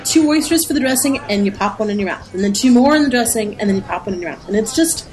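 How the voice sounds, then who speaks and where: A woman co-hosting a casual comedy podcast, telling things in an animated, rambling way. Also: on the high side, fast, low-quality recording. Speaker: podcast co-host.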